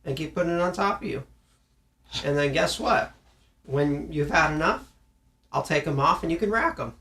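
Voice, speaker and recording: A man from the American South in casual conversation, animated, acting out stern parents in his stories. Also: a little high, moderate pace. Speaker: podcast co-host. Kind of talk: casual chat.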